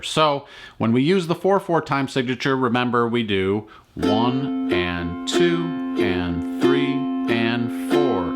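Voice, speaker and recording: A man teaching a ukulele lesson, calmly counting beats and naming strums in a play-along tutorial. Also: medium pitch. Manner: calm, counting beats aloud. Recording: loud ukulele music underneath.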